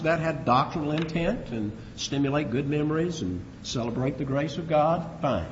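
A man preaching an expository Bible sermon, animated and rhetorical, rising for emphasis. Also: on the high side. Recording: dull reverberant hall recording with faint hiss.

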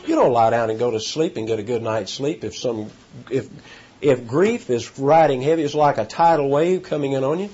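A man preaching a sermon with animated delivery, his pitch jumping up for emphasis, with halting restarts. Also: breathy edge. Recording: dull lo-fi sound.

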